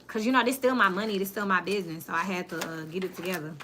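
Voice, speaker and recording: A woman's voice: fairly low pitch, quick pace, background noise. A woman giving a casual tarot reading, talking bluntly and plainly to her viewers. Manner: blunt, plain-spoken, animated storytelling. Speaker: tarot reader.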